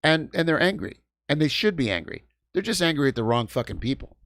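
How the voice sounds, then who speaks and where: A man's voice: a little high, big pitch swings, brisk, fairly bright tone, no room sound, clean studio sound. A man in his fifties hosting a livestream, ranting heatedly with lots of swearing and stumbling restarts. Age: 50s. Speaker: livestream host. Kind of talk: heated casual stream chat. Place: home in New York.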